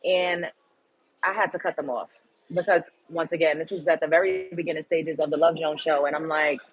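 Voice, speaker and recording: A woman's voice: sits low, fairly even intonation, brisk, rough recording. A woman hosting her own show, telling a personal story in a candid, emphatic and blunt way. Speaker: show host. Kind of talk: casual storytelling monologue.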